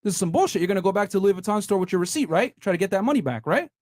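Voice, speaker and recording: Male debate host: rapid, cursing, pushy, talks over everyone, high animated voice. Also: no echo, studio quality. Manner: blunt, profane, talks over others. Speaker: podcast host. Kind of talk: heated panel debate.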